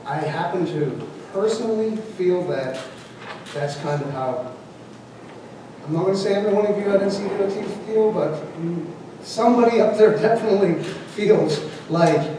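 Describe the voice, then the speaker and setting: A man's voice: sits high, moderate pace. A man making an impassioned, defiant public comment at a meeting. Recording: echoey hall from far off, noisy.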